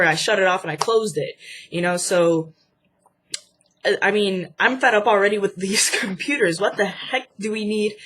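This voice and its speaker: A woman's voice: medium pitch, a bit bright, slight background noise. A young woman hosting a casual vlog, chatty and indignant with lots of fillers, sounding stuffy from a cold. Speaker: channel host.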